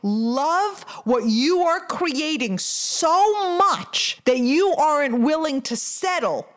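Female motivational podcast host, middle-aged, high voice, preachy and energetic. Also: takes it slowly. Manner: energetic, preachy, rhetorical questions.

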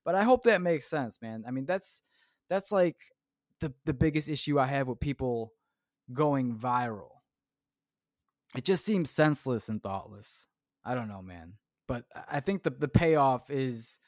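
A man's voice: medium pitch, no echo, clean studio sound. A man hosting a solo podcast, rambling casually and tossing in "man" and "dude.". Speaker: podcast host. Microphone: clip-on shirt mic.

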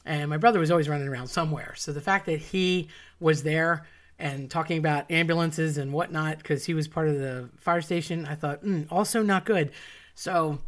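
A woman telling a personal story with wry, self-mocking asides. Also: deep voice. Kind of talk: personal story told to an audience.

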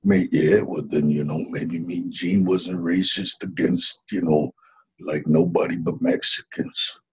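A man playing a husky, laid-back ex-wrestler. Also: low-pitched, steady tone, unhurried, a little mellow, highs cut off, full character voice. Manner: laid-back, drawling, says "man" constantly. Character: laid-back Mexican ex-wrestler man who hatched from an egg. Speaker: interview guest. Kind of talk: improvised comedy interview.

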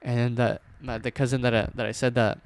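A young man casually tells a scary personal story, rambling with fillers and restarts and dropping to a hush at tense moments. His voice is medium-pitched and smooth, with little pitch movement and a quick pace.

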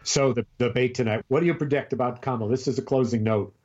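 An older man chats casually over a call, drifting through a long story with restarts and repeated words. His voice sits at an ordinary pitch. The sound is dull and lo-fi. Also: darkish tone, soft background music. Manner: rambling, storytelling with halting restarts. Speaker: grandfather telling a story.

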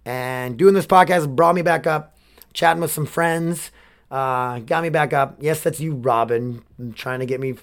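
A man in his twenties hosting a solo podcast, rambling and swearing, emotionally worn down. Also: on the high side. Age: 20s. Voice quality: rambling, swearing, restarts sentences. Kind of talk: casual solo podcast rant.

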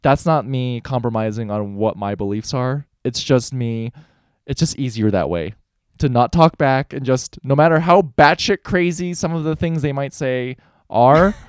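A man's voice: medium pitch, normal speed, clear, resonant tone, no echo, clean studio sound. A young man co-hosting a casual podcast, telling a candid story with frequent swearing. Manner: candid, profane storytelling, voices for quoted people. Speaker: podcast co-host.

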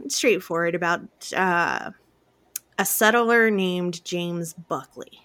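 A woman hosting a podcast in casual chat, expressive and gushing, with frequent exclamations. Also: lowish voice, slow pace. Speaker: podcast host.

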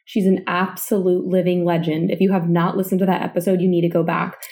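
A woman's voice: on the low side, level tone, fast talker, darkish tone. Enthusiastic woman telling a story on a podcast. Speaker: podcast co-host. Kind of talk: casual motivational podcast chat.

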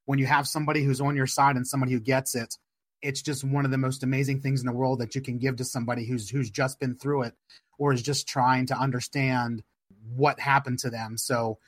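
A man hosting a podcast interview, speaking in a supportive, reassuring, measured way. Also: mid-range voice, level tone, no echo. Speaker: podcast host.

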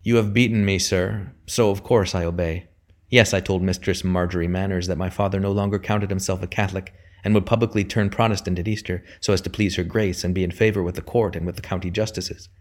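A man's voice: low voice, fairly even intonation, fairly quick, natural voice. A man reading aloud as a defiant young son, earnest and then stiffly formal. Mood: cold formal. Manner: earnest pleading, then cold stilted formality.

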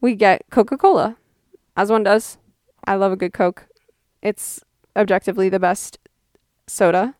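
A woman's voice: medium pitch, moderate pace, pauses often, darkish tone, dry recording, clean studio sound. A young woman in her twenties hosting a podcast, telling a story in a chatty, wry way and quoting people in exaggerated voices. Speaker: podcast host. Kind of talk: casual storytelling monologue.

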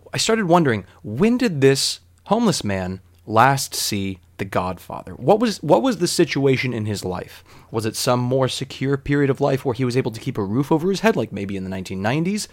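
Guy rambling through a story, chatty, lots of likes and side tangents, mid pitch. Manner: rambling and digressive, many fillers. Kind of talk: casual storytelling monologue.

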